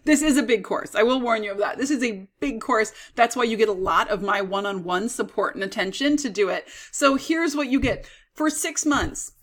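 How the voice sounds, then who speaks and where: A woman coach giving an upbeat, persuasive sales pitch for her online course. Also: fairly bright tone. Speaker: business coach.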